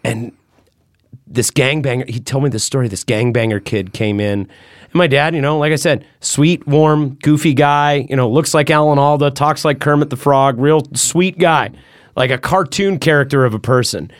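This man talks loosely and profanely on a podcast, rambling through a story at a mid pitch. His voice sits close and dry, with no room sound around it. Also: normal speed, no echo. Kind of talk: casual podcast chat.

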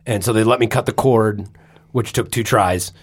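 A man on a podcast telling a personal story in casual chat, animated and swearing freely, acting out his own shouts. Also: lowish voice, normal speed, husky. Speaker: podcast co-host.

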